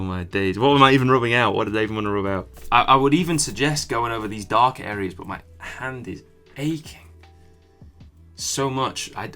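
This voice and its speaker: A man's voice: medium pitch, pushed and bright. A young man chatting casually while he draws, muttering and swearing as he gets frustrated. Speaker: artist streamer. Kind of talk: casual drawing commentary.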